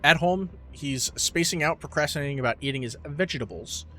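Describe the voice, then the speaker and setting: A man's voice: fairly high pitch, brisk, bright, forceful tone. A man co-hosting a casual movie review podcast, ranting with lots of profanity and exasperation. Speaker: podcast co-host.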